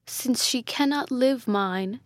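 A woman's voice: on the high side, slow, dry recording. Theodore, a woman voicing a hot-headed young prince. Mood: desperate. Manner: urgent, pleading exclamations.

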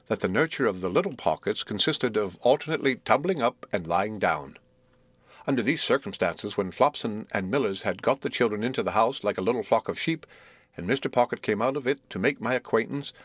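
Man narrating an audiobook, low and dry. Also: no echo. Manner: measured, even reading of old literary prose. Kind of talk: scripted narration.

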